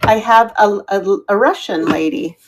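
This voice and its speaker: A woman's voice: mid-range voice, a little slow, background noise. A middle-aged woman chatting as she sells vintage items on a live stream, thanking viewers by name. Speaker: live auction seller. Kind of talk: live-stream selling chat.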